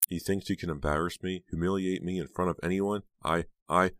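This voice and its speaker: A man voicing an upset teenage girl who speaks in a raised, high-pitched voice and cries out. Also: fairly even intonation, fairly quick, fairly bright tone, no echo, clean studio sound. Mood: furious.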